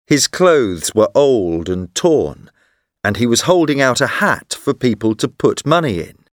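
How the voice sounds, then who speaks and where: A man reads a simple storybook aloud at a deliberately slow, careful pace. His pitch moves expressively through the sentences. The recording is dry and close. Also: animated, no echo. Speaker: narrator. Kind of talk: scripted narration of a graded reader story.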